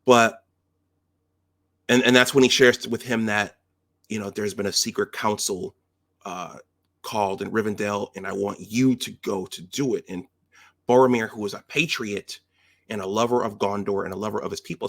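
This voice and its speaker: A man's voice: on the low side, steady tone, moderate pace, vocal fry, a bit bright. A man casually retelling film scenes as a commentator, in a conversational way that often restarts and checks in with the listener.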